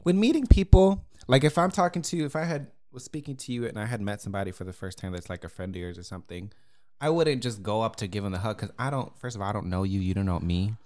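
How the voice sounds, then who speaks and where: A man co-hosting a podcast in casual chat, laid-back and quick to laugh. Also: fairly low pitch, darkish tone.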